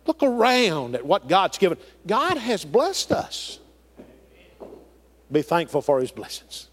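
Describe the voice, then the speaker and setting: A man's voice: high-pitched, huge pitch swings, slow, fairly bright tone. A middle-aged man preaching a sermon, with folksy phrasing and emphatic rises and falls. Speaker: pastor.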